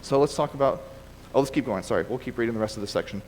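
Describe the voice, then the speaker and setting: A man's voice: medium pitch, racing, few pauses, a little mellow, long reverb tail, slight background noise, low-quality recording. A man preaching a casual sermon and reading scripture aloud, talking conversationally with frequent restarts and self-corrections. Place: church sanctuary.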